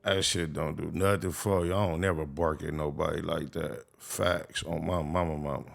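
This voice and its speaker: A man's voice: extremely low pitch, fairly even intonation, normal speed, gravelly. A man giving casual, profane reaction commentary, often swearing on his mama. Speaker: reaction host.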